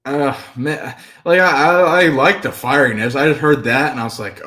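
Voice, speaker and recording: A man co-hosting sports talk, setting up topics and agreeing along in a relaxed, easygoing way. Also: mid-range voice. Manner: easygoing, agreeable, quick to laugh.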